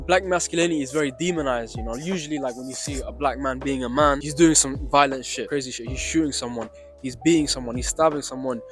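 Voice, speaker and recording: Animated young man, high voice. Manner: animated, swearing, slangy, swings between excited and low. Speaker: vlogger. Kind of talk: casual storytelling to camera.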